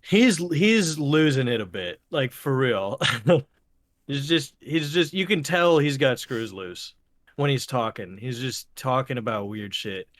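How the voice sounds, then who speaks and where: A man's voice: medium pitch, expressive, unhurried, no echo. A young man co-hosting a podcast in casual chat, rambling, swearing and laughing often. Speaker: podcast co-host.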